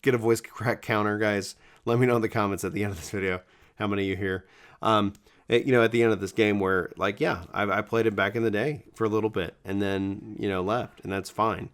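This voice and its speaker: A man's voice: fairly low pitch, steady tone, a little fast, a bit bright. A gaming video creator talking casually to his viewers, rambling and self-correcting with enthusiasm, his voice cracking now and then. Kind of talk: casual talk to camera.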